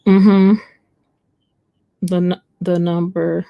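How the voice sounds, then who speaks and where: A woman's voice: lowish voice, little pitch movement, very slow, creaky, no room sound, dull audio. A young woman, chatting and telling a personal story to viewers on a live stream. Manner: storytelling, addresses viewers as y'all. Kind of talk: casual live chat.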